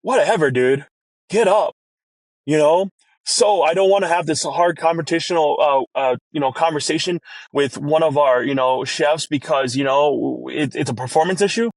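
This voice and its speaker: A chef talking as a podcast guest, telling an emotional family story earnestly, with many restarts. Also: male voice, normal speed, dry recording. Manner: earnest, many restarts, rises in pitch when moved.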